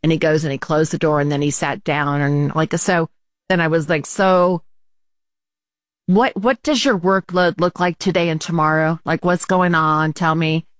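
A woman co-hosting a casual talk show, telling a story with animated quotes and laughs. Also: deep voice, normal speed, dry recording, studio quality.

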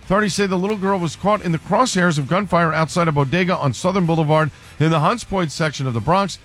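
Brisk local radio newsman, higher voice. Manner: brisk, even newsreader delivery. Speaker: radio news anchor. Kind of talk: scripted news read.

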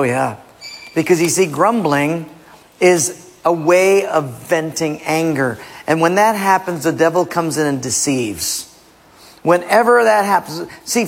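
A man preaches with a gravelly, somewhat husky voice, pitched a little high. He is animated and quotes scripture. Long reverb from a large hall surrounds him. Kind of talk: sermon with acted skits.

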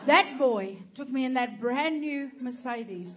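A woman's voice: a little high, animated, unhurried, slight background noise. An Australian woman doing stand-up storytelling, brash and sweary, laughing through her punchlines. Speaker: stand-up comedian.

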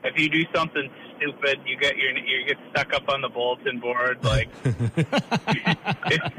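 A man calling into a sports radio show, rambling with laughs and halting starts. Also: mid-range voice, background noise. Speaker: caller. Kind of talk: casual call-in chat.

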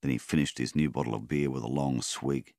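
A man narrating an audiobook in a measured, plain way. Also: rumbling low, steady tone, vocal fry, a little mellow, no room sound, clean studio sound. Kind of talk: scripted narration.

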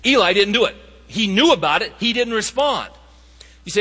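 A man's voice: high voice, animated, normal speed, bright, forceful tone, breathy edge. A man preaching a sermon, emphatic and asking the audience rhetorical questions. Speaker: pastor. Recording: reverberant hall sound.

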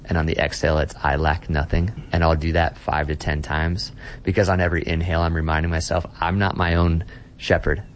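A man's voice: deep voice, flat delivery, fairly quick, a little hiss or hum. A man who is a pastor, talking earnestly in an interview and often repeating words as he starts a sentence. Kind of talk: conversational interview.

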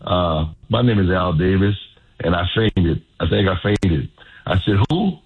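A man's voice: deep voice, a little slow, slightly rough. An older man, a former football player telling stories in an interview, repeating phrases as he goes. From Louisiana. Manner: animated storyteller, repeats phrases. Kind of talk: storytelling interview. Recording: phone-like radio line.

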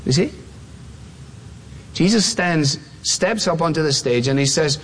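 A man preaching an expository sermon, emphatic and repetitive, slowing down to read scripture quotes aloud. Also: a little high, expressive, in a large hall. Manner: emphatic, repeats phrases, slows for scripture quotes.

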